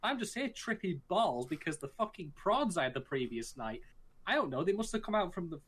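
A man in casual podcast chat, animated, swearing and joking about an anime. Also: high voice, brisk, breathy edge. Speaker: podcast co-host.

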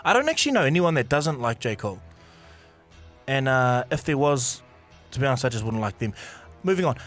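A man co-hosting a casual podcast, chatty and quick to laugh, with filler words. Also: medium pitch, big pitch swings, fairly bright tone, faint music behind. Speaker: podcast co-host.

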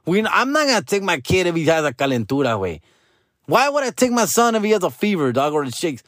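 A man's voice: sits high, very animated, fast, fairly bright tone, no room sound, clean studio sound. Profane, exasperated man. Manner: exasperated, slangy, swears constantly. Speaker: comedian. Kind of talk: profane Spanglish stand-up rant.

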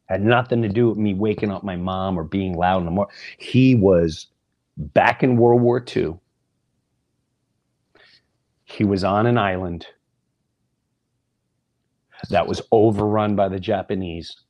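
A man hosting a podcast, telling a personal story in an animated monologue, acting out voices and often dropping into a whisper. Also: low-pitched, measured pace, long pauses. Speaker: podcast host.

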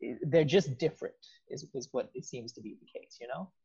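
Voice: mid-range voice, brisk, creaky, dark tone, breathy edge. Reflective speaker with a mid-range voice. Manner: reflective, many fillers and hedging asides. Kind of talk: casual conversation. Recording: dull lo-fi sound.

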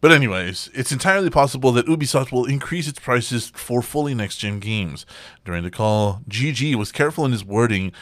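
A man hosting a podcast in casual chat, swearing and ranting with animated energy. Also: mid-range voice, a little fast, no echo. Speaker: podcast host.

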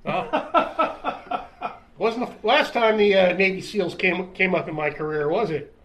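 A man telling a story in an animated way, laughing often. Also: high-pitched, a little slow, a little hiss or hum. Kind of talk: casual chat.

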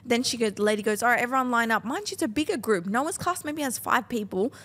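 A young woman tells a chaotic story on a podcast. Her voice sits a little high, and she swears freely and acts out what everyone said. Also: quick pace. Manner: animated, swearing, acts out other people's lines. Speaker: podcast co-host. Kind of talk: casual storytelling chat.

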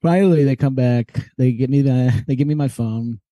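Young man, animated storyteller, warm mellow tone, dry close sound. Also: mid-range voice, normal speed, dry recording. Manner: animated storyteller, acts out quoted voices, laughs often. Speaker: podcast co-host. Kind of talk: casual storytelling chat.

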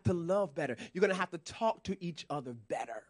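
A man's voice: fairly high pitch, animated, brisk, few pauses. A man preaching a sermon with passion, calling out to the congregation.

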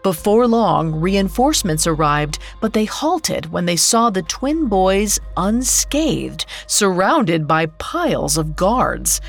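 A woman telling a fairy tale as a scripted podcast narration, measured and unhurried. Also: medium pitch, sing-song, gravelly, faint music behind. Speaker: storyteller.

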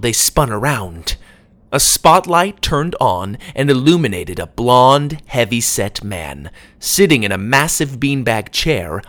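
A man narrating a children's adventure story aloud, reading expressively. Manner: expressive read-aloud with lively pitch.

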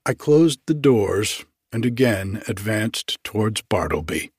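A man reading a classic story aloud in a deliberate, formal narrating manner. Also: lowish voice, big pitch swings, a little mellow, husky, no echo, studio quality. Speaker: audiobook narrator.

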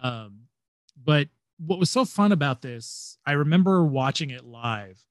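A man's voice: on the high side, animated, unhurried, dry recording. A young man chatting casually as a podcast co-host, rambling with many fillers and restarts. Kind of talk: casual fan chat.

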